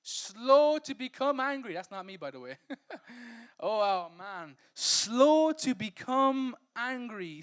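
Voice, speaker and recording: Brief: high-pitched male preacher, playful and conversational delivery. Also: a bit bright. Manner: humorous, conversational, acts out scenes. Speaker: pastor. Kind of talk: sermon.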